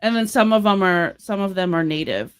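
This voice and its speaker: A woman's voice: medium pitch, brisk, clean tone. A woman from Boston, co-hosting a podcast in casual chat, talking in a chatty way full of "like" and "um". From Boston, United States. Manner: chatty, filler-heavy, says "like" and "um" often. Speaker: podcast co-host.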